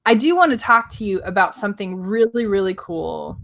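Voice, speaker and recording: Chatty woman podcast co-host, mid pitch. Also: lively intonation, brisk, creaky, a bit bright. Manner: reflective, chatty, with hesitant fillers. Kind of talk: casual conversational chat.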